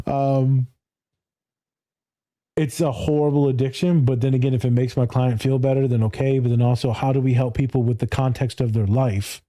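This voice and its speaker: A blunt, profane man speaking on a podcast about his work as a therapist. His voice is very dark and mellow at a middle pitch. He laughs often and jumps up into higher voices to mimic people. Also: fairly even intonation, normal speed. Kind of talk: casual podcast conversation.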